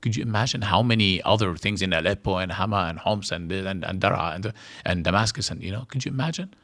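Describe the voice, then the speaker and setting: A man from Syria, a guest in a studio interview, who talks haltingly with many restarts and fillers. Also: sits low, fairly bright tone, dry recording.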